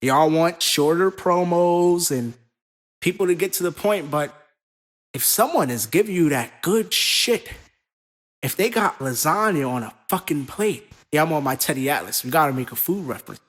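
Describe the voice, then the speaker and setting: A man co-hosting a casual podcast, talking in an animated, profane, rambling way. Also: a little high, moderate pace. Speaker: co-host.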